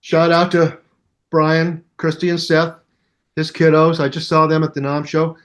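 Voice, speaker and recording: An older man, a bass teacher, telling stories in a casual interview and scatting bass lines aloud to show exercises. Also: unhurried. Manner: animated storyteller who scats bass lines aloud. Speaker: bass teacher and musician guest.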